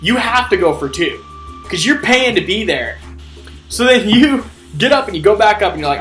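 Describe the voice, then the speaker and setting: A young man doing a comedic rant vlog, animated and swearing, acting out his own inner voice. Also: on the high side, brisk, soft background music. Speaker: vlogger ranting.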